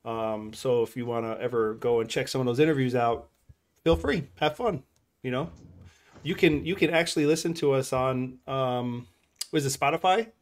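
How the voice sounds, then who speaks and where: A man's voice: mid-range voice, moderate pace. A man hosting a casual podcast chat, rambling and laughing often into a desk microphone. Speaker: podcast host. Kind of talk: casual live-stream chat.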